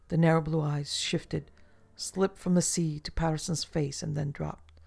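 A man narrating a novel in a measured, literary reading style. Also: fairly high pitch, little pitch movement, creaky, darkish tone, faint music behind. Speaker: audiobook narrator. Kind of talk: scripted narration.

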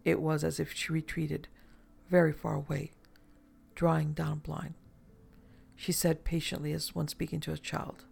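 A narrator reading a romantic adventure novel aloud in measured, even storytelling. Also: medium pitch, gravelly, faint music behind. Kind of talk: audiobook narration.

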